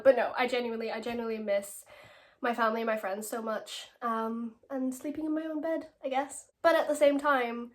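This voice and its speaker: Irish woman, 18, casual fan Q&A, bubbly and self-mocking, voice a touch high. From Ireland. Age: late teens. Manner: chatty, giggly, self-deprecating. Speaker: actress answering fan questions.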